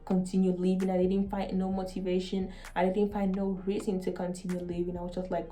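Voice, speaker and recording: A young woman vlogger telling a personal story in an earnest, halting way, emotional and often repeating her words. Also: medium pitch, flat delivery, dark tone, faint music behind.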